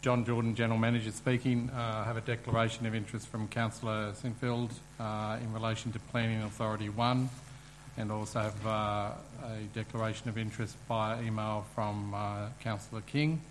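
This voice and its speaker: A man, a general manager, giving a formal statement at a meeting in a measured way. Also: lowish voice, a little hiss or hum, poor audio. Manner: flat, measured, formal with fillers.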